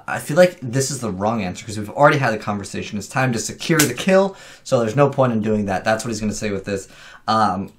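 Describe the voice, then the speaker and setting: A man playing a video game and thinking aloud about which answer to pick, in a casual, muttering commentary. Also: medium pitch. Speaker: gaming youtuber. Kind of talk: let's play commentary.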